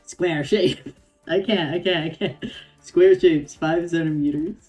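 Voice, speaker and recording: A woman's voice: low-pitched, fairly even intonation, warm tone, faint music behind. A woman voicing a fussy male head chef in a put-on French accent, stumbling through it. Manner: halting, stumbling over the accent.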